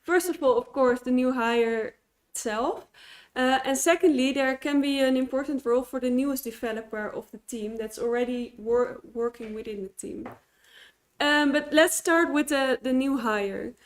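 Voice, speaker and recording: A woman's voice: high-pitched, normal speed. A woman giving a conference talk at a tech meetup, explaining with frequent false starts and fillers. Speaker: conference speaker. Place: meetup presentation venue.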